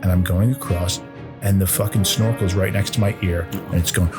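Brief: low-pitched man, casual comic storyteller, swears freely, music playing behind. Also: fairly even intonation, moderate pace. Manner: profane, self-deprecating, rambling with restarts. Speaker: podcast co-host telling a story.

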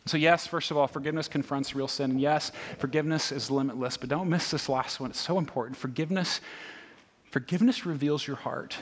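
A pastor preaches a sermon in a conversational, animated way, peppering it with rhetorical questions and frequent "right?" asides. His voice is a little high and his delivery brisk, with slight background noise in the recording.

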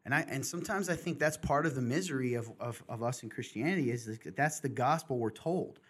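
A man's voice: mid-range voice, fairly quick, fairly bright tone, slightly rough. A middle-aged man hosting a podcast, talking candidly and passionately in casual chat, in bursts and restarts. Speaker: podcast host.

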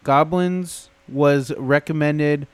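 Smooth-voiced young man co-hosting a podcast. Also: fairly high pitch, fairly even intonation, slow pace, no echo. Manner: laid-back, rambling, joking. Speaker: podcast co-host. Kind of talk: casual chat. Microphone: podcast microphone.

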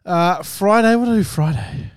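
A man's voice: sits high, normal speed, dry recording, clean studio sound. An Australian man co-hosting a podcast who talks bluntly, swears and teases the others. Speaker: podcast co-host. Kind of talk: casual chat.

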